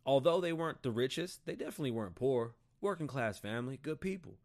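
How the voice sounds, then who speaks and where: A man in his thirties hosting a casual monologue, telling stories in a profane, animated and rambling way. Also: mid-range voice. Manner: rambling, digressive. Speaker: podcast host.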